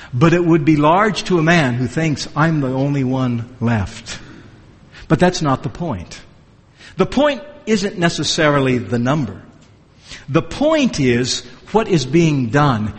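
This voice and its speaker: Male preacher, high voice, emphatic sermon style, long hall echo. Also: slightly rough. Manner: emphatic, asks rhetorical questions.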